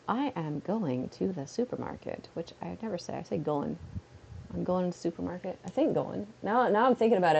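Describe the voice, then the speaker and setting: A woman's voice: lowish voice, creaky, warm tone, muffled recording, slight background noise. A woman from Canada chatting casually on a livestream at home, rambling with lots of "like" fillers. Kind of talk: casual chat. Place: at home, seated on a beanbag.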